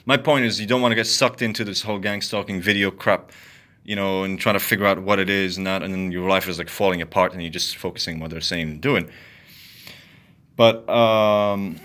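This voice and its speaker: A man ranting angrily to the camera, profane and repetitive, swinging from loud outbursts to low muttering. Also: fairly even intonation, a little fast. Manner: heated, profane, repetitive venting. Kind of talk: angry solo rant to camera.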